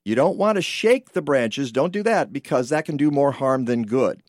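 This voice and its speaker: Lively male radio host, playful reads. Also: mid-range voice, no echo, studio quality. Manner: lively, playful, drawn-out emphasis. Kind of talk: radio talk and live ad reads.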